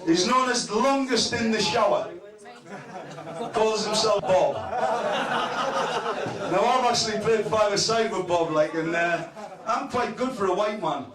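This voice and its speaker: Hosting a club awards night, a man with a high voice tells crude jokes full of swearing, laughing as he goes, speaking at a measured pace with frequent pauses. It's rough roasting banter in a club function room, his voice distant from the mic in an echoey space while the audience laughs loudly.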